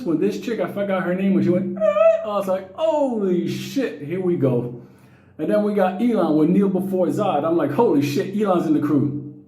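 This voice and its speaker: Profane, animated New man. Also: fairly high pitch, roomy sound, rough recording. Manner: profane, animated, quotes people in raised voices. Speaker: vlogger. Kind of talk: casual storytelling to viewers.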